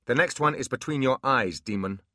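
A man voicing a stern female elf officer who shouts commands in a storybook reading. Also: medium pitch, a little fast, dry recording, studio quality, voice pushed up. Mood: commanding.

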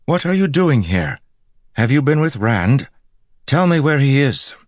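A man voicing a young woman, a commanding and impatient sorceress, in an audiobook, with demanding, sharp questions. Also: low voice, moderate pace, no room sound, clean studio sound, voice pushed up. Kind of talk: audiobook character voice.

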